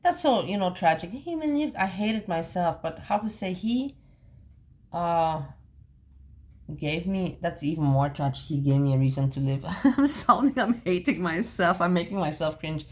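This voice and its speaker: A woman's voice: fairly low pitch, animated, normal speed, darkish tone. A woman from Europe chatting casually as a vlogger, laughing often and repeating herself for emphasis. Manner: giggly, laughs often between remarks. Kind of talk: casual chat.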